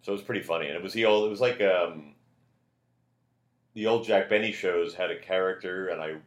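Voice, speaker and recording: Very low-voiced guy spinning a showbiz yarn, loud, roomy echo. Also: a little fast. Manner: loud, animated when quoting others. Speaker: comedian guest. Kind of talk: casual storytelling chat.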